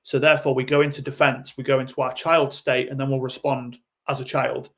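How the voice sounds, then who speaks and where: A man's voice: medium pitch, flat delivery, fairly quick, fairly bright tone. A man speaking as a guest in a podcast interview, explaining ideas bluntly and acting out short quoted lines. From United Kingdom. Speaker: guest coach.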